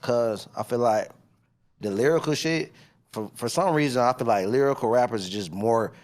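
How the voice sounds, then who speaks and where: A man's voice: medium pitch, moderate pace. A young man from Decatur, Georgia, a rapper guest telling stories in loose, profane slang during a casual interview.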